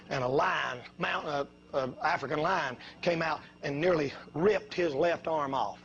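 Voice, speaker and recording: A man preaching a fiery revival sermon, telling folksy stories that build up to shouting. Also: on the high side, lo-fi sound.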